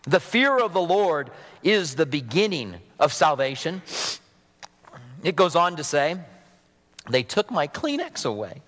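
A man's voice: a little high, big pitch swings, measured pace, long pauses, fairly bright tone, big-room sound. A man preaching a sermon from a pulpit in a conversational, earnest manner, sniffly from a cold, with humorous asides. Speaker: pastor. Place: church sanctuary at a pulpit.

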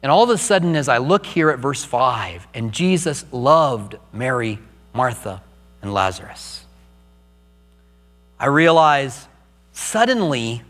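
A man's voice: medium pitch, sing-song, slow pace, pauses often, fairly bright tone, long reverb tail. A middle-aged man preaching a sermon as pastor, earnest and personal as he tells his own story.

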